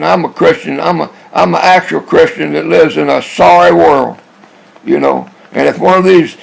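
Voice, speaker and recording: Older man, gravelly and husky, fairly high-pitched, blunt rambling monologue. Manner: blunt, rambling, with many restarts. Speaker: YouTube vlogger.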